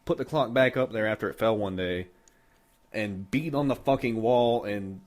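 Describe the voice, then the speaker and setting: Swearing podcast dad telling a creepy story. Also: male voice, fairly low pitch, moderate pace, darkish tone. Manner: rambling, heavy swearing, storytelling. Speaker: podcast co-host; father of a toddler. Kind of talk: casual chat.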